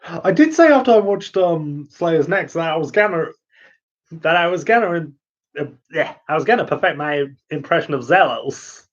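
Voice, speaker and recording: A giggly man rambling through a casual chat show, his thoughts trailing through ums and uhs. His voice sits somewhat high for a man. The sound is muffled and lo-fi. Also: expressive, moderate pace. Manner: rambling, giggly, full of fillers. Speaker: host answering viewer questions. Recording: muffled lo-fi audio.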